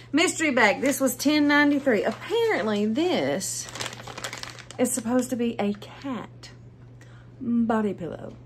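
Bubbly woman, high voice. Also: a bit bright, a little hiss or hum. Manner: bubbly, gushing, talks straight to viewers as "y'all". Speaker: vlogger. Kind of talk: casual haul vlog. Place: at home, indoors.

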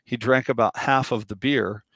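A male host talks in a loose, rambling way, circling back with restarts and quick asides. His voice sits in a middle pitch and sounds close and dry, with little room around it. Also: dry recording. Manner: rambling, animated storyteller with many restarts. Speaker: podcast host. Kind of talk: casual conversation.

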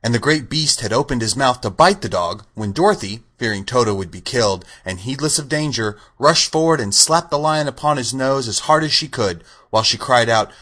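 Narrating a children's novel for an audiobook, a man of medium pitch reads from the script with measured, expressive delivery.

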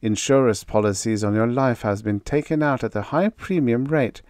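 An audiobook narrator voicing Ermin, a calm, courteous male agent who speaks in a gentle, precise and formal way. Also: mid-range voice, normal speed, no room sound, studio quality, voice pushed up, natural voice. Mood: measured, formal.

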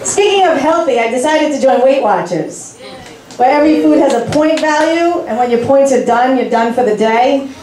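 A woman in her forties performing a stand-up set of deadpan, self-mocking one-liners in a comedy club. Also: high voice, normal speed. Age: 40s. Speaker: stand-up comic. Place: club stage with audience. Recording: echoey room, from a distance.

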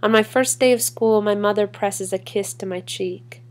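A woman performing a spoken word poem in a measured, deliberate way with long pauses. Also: mid-range voice, steady tone, a little mellow. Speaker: poetry reader. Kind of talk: spoken word poetry reading.

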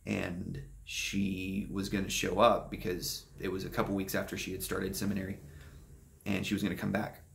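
A young man vlogging, softly telling a painful personal story with halting pauses and restarts. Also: low voice, creaky. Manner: soft-spoken, halting and emotional.

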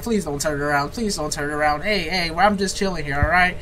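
A man narrating his own game run in a jittery, restless way, looping the same words and calling his viewers bro. His voice sits a little high for a man. Clicks and clear background noise run under the recording. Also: fast, hardly any pauses. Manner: jittery, repeats phrases, talks to viewers as bro. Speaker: gamer. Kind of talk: let's play commentary.

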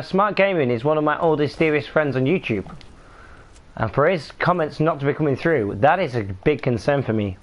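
Young male streamer, slightly high voice, animated frustrated live commentary. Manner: frustrated swearing outbursts. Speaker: gaming streamer.

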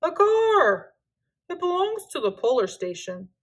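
A woman's voice: very high voice, big pitch swings, a little slow, pitched above the performer's own voice, exaggerated voice. A woman voicing a brave, cheerful young male polar bear cub, eager and reassuring.

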